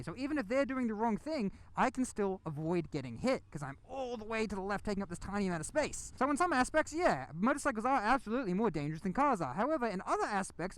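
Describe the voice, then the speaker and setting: Fast-talking goofy young man vlogger. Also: sits high. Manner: goofy, repeats catchphrases, reads viewer comments. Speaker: motorcycle vlogger. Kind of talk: casual vlog narration.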